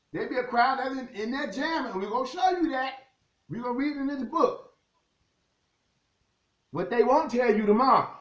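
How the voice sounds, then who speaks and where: A man's voice: very high-pitched, echoey room, highs cut off. A man preaching a sermon, reading scripture aloud and talking straight to his listeners. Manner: animated preaching, reads scripture aloud, keeps addressing the crowd as "y'all".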